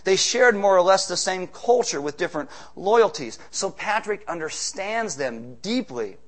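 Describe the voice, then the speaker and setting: A man preaching a sermon on stage, animated, with joking asides and shouts for emphasis. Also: high-pitched, unhurried. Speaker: pastor. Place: church stage with slides.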